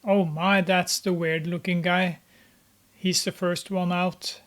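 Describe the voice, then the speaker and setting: A film commentator talks through a movie as it plays, in an unhurried, casual way. The voice stays flat and even, with little rise or fall. Frequent pauses and fillers break up the thoughts. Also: medium pitch. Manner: hesitant, many filler pauses. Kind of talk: casual running commentary while watching a film.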